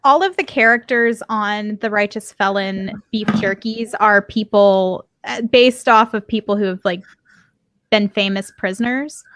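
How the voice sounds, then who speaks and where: A woman's voice: medium pitch, a little slow, fairly bright tone, no room sound. A woman co-hosting a podcast in casual chat, teasing and laughing often. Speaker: podcast co-host.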